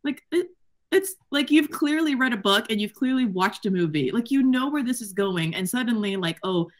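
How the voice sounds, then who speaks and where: Animated, profane woman chatting about books. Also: a little high, moderate pace. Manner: animated, profane, laughs often, acts out quotes. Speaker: podcast co-host. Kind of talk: casual book club chat.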